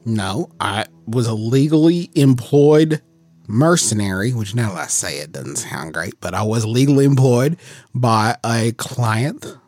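A man playing a shifty, smooth-talking mercenary who rambles and slips into a conspiratorial hush. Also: medium pitch, lively intonation, measured pace, no room sound, faint music behind. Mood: sly.

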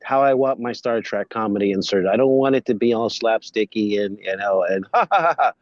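A man's voice: lowish voice, fairly even intonation, fairly quick, a little mellow, no echo. A man co-hosting a podcast, chatting casually and retelling favorite moments with enthusiasm. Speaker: podcast co-host. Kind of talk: casual chat. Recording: dry, dull lo-fi sound.

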